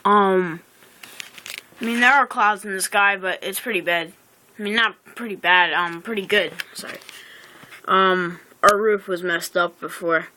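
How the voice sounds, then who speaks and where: Rambling teen girl with a bright tone. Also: mid-range voice, fairly even intonation, a little hiss or hum. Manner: halting, rambling, many fillers and self-corrections. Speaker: vlogger. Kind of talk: casual rambling vlog. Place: outdoors by a house. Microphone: phone camera.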